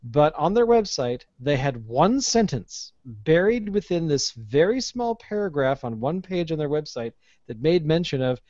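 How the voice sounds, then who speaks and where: Animated man ranting on a podcast. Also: a little high, no room sound. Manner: animated, ranting storyteller, swears freely. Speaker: podcast host. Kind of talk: casual podcast chat. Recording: dull lo-fi podcast audio.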